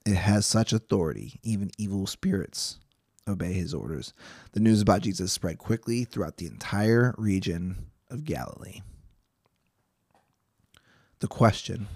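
A man's voice: low voice, expressive, a little slow, long pauses, a little mellow, slightly rough, no echo, studio quality. A young man hosting a Bible study podcast, reading scripture and chatting casually with jokes and frequent restarts. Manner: chatty, jokey, self-interrupting.

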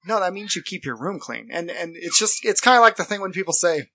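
A man's voice: a little high, lively intonation, quick pace, hardly any pauses, bright, forceful tone, dry recording. A man co-hosting a podcast, talking earnestly in casual chat and acting out what other people say. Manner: earnest, quotes others in put-on voices. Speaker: podcast co-host.

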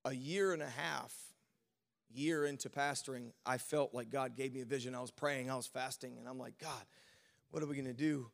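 A man's voice: mid-range voice, moderate pace, vocal fry. A man pastor speaking to a congregation in a sermon, telling a personal story with frequent stammers and restarts. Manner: preaching climax, shouting and sing-song, then relaxed storytelling with stammers.

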